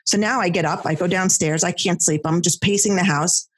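A woman tells a personal story in a casual chat. Her voice is husky and breathy, and she talks in an animated way, full of fillers and restarts. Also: on the low side, fairly quick.

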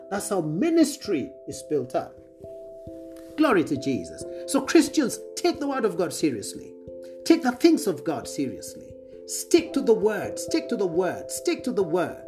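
A man preaching with a lively, swinging delivery that rises and drops sharply. He hammers key phrases again and again and keeps checking that the listeners follow. Clear guitar music plays behind him. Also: sits high. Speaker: preacher, apostle. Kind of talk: sermon to an online audience.

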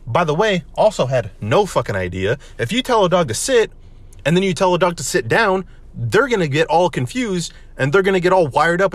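A young man hosting a casual solo podcast, rambling excitedly with lots of swearing and restarts. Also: mid-range voice. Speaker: podcast host.

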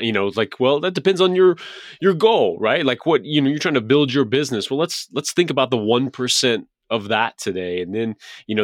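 A man's voice: fairly low pitch, dry recording. A man hosting a podcast interview, chatting enthusiastically in a rambling way with many restarts. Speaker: podcast host. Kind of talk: casual interview chat.

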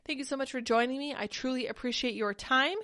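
A woman in her thirties with a fairly high voice hosts a political commentary livestream. She talks in a loose, conversational way and reads tweets and viewer comments aloud between her own remarks. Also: quick pace, pushed and bright. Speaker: host.

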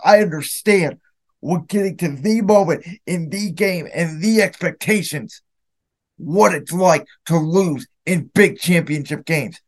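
Angry young man ranting about a loss. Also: a little high. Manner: angry, bitter, emphatic ranting. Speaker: podcast host. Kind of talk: solo sports reaction podcast.

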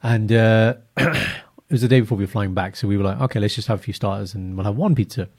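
A man co-hosting a podcast in casual, animated chat, laughing and using slang. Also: fairly low pitch, fast talker. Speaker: podcast co-host.

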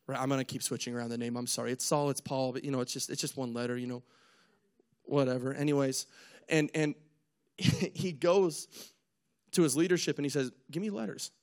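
A young man preaching in a casual, lively way, retelling a story and acting out its people with jokes at his own expense. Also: medium pitch, fairly quick. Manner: animated storyteller, acts out characters, jokes at himself.

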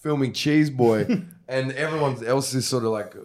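A man's voice: medium pitch, normal speed. An Australian man, a guest musician, telling stories in casual podcast chat, laughing and swearing freely.

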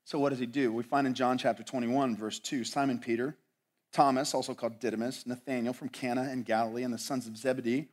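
A man preaching a sermon as pastor, swinging from loud, dramatic lines to hushed ones and asking his listeners rhetorical questions. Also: mid-range voice, fairly even intonation, fast. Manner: asks the audience rhetorical questions.

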